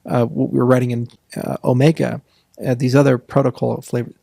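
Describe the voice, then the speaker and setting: Gravelly guy rambling thru an interview, dry close sound, kinda sarcastic. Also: medium pitch, flat delivery, dark tone, dry recording. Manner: rambling, sarcastic asides, lists points quickly. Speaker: interview guest. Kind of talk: casual interview talk.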